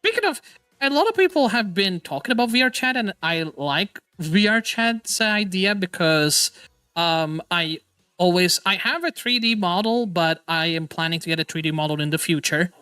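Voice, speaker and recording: A man hosting a casual live stream as a VTuber, excitable, stammering and often laughing or swearing. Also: sits high, normal speed, clear, resonant tone, no room sound.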